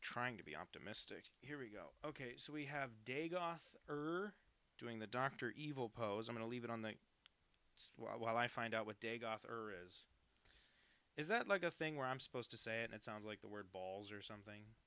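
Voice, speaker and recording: A man's voice: medium pitch, expressive, normal speed, pushed and bright, clean tone, no echo. A young man in his twenties, a cartoonist on a live stream, chatting casually and self-deprecatingly while he draws and reads out viewers' messages.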